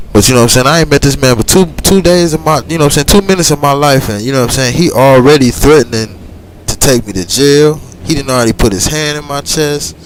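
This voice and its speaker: A middle-aged man telling a long personal story casually while gaming, rambling and animated. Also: medium pitch, fast, a little hiss or hum. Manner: animated, rambling, frequent "you know what I'm saying". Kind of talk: casual storytelling over gameplay.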